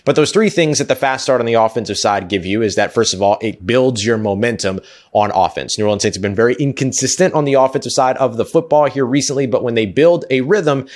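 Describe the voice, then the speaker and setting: A man delivering a prepared sports breakdown with emphasis, point by point. His voice sits in an ordinary middle pitch. He builds a clear argument as a podcast analyst. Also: quick pace, darkish tone. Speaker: podcast host, guest analyst.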